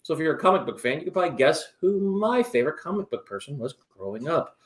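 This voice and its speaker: A man in his thirties hosting a chat show, giggly and excitable, with lots of fillers. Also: on the high side, fast, echoey room, slight background noise. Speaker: show host. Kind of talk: casual chat.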